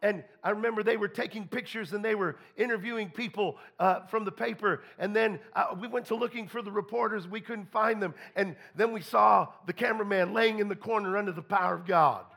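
A man's voice: high voice, brisk, gravelly, few pauses, a bit bright. A man preaching a storytelling sermon, folksy, full of restarts, acting out conversations. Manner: folksy, repeats and restarts, quotes people in dialogue.

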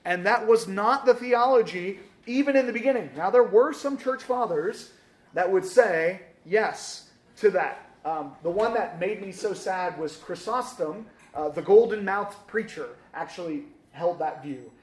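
Man, high voice, church teacher, jokey, lots of ums, echoey room. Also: a little slow. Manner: lively, joking, with many fillers. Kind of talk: casual teaching sermon with audience questions.

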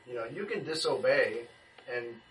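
A man adds his thoughts slowly, pausing on um. His voice echoes and comes from far off. Clear clicks are heard under him. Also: mid-range voice, lively intonation, fairly bright tone, a little hiss or hum. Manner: hesitant, fills with um. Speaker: group member. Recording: echoey distant pickup with clicks.

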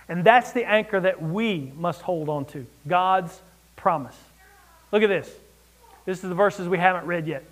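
High-voiced man preaching a sermon. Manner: expressive preaching, rising and dropping for emphasis. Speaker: pastor.

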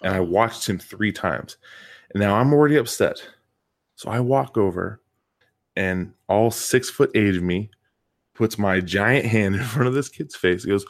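A man's voice: lowish voice, normal speed. A man, a coach and PE teacher co-hosting a podcast, telling a story in casual chat and leaning hard on repeated words for emphasis.

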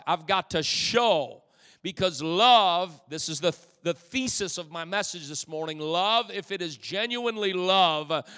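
A man preaches a sermon in a church, his high voice ringing with a long reverb around it. He swings from hushed, slow phrases to loud, fervent lines and fills his pauses with "uh". The tone stays smooth and resonant throughout. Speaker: pastor.

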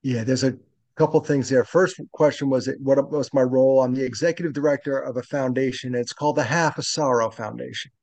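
A man in his late fifties speaks earnestly and reflectively as a podcast guest. His voice has a gravelly edge, and the sound is dry and close. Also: medium pitch, fairly even intonation, fairly quick, darkish tone, no echo. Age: 50s. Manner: earnest and reflective, speaks openly about loss. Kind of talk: conversational interview.

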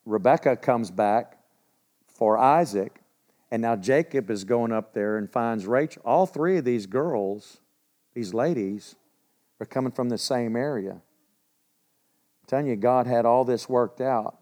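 In a mid-range voice, a man teaches from the Bible in a relaxed, conversational manner, frequently clearing his throat and posing questions to his listeners.

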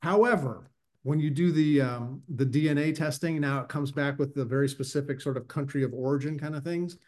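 A man's voice: on the high side, brisk, darkish tone. A man from the United States, a writer guest on a podcast, telling stories in a rambling, chuckling way. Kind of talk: casual podcast interview.

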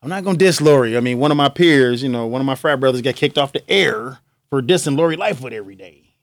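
A man's voice: mid-range voice, expressive, quick pace, no echo, studio quality. A young man hosting a podcast, talking in a loose, joking monologue and laughing often. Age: young adult. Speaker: podcast host. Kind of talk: casual monologue.

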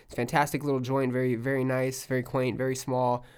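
A man's voice: mid-range voice, completely flat delivery, fast, a little mellow, clear, resonant tone. A man in a laid-back talk show, a stand-up comic by trade. He cracks jokes and teases his co-host in easy conversation. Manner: teasing, joking banter. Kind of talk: casual chat.

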